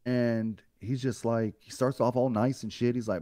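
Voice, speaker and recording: A man's voice: mid-range voice, steady tone, normal speed, dark tone, no room sound, studio quality. A man guest on a podcast, telling a personal story in a blunt, profane way and acting out what others said to him. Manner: blunt and profane, acts out others' lines in a raised voice.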